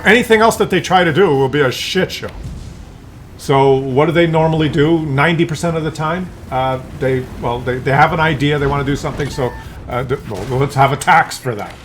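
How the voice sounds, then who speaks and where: A man's voice: on the high side, moderate pace, slight background noise. A man ranting in a rambling, profane monologue, full of fillers and restarts. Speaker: streamer.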